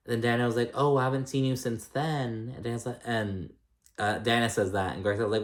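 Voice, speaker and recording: A man's voice: fairly low pitch, brisk. A young man casually recapping a reality show, chatty and rambling, swearing freely and acting out what others said. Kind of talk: casual chat.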